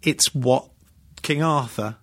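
A man's voice: medium pitch, slow, a bit bright. A man as a podcast guest, talking reflectively with some dry humor. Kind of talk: casual interview chat.

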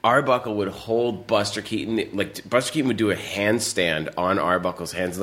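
A man as a podcast guest, telling stories in a casual chat, animated and full of fillers and laughter. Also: on the low side, moderate pace, hardly any pauses.

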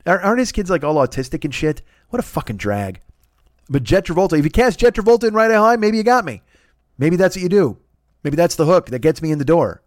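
A man's voice: a little high, expressive, fast, dry recording, clean studio sound. A man in his forties hosting a comedy podcast, ranting in an exasperated, profane, rambling way with stammered restarts. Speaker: podcast host. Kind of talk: comedic rant.

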